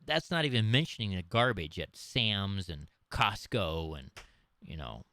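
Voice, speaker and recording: A man giving an unscripted health webcast, talking emphatically and preachily, his voice jumping higher when he drives a point home. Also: expressive, unhurried, sharp tone. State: dry throat. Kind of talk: unscripted webcast talk to camera.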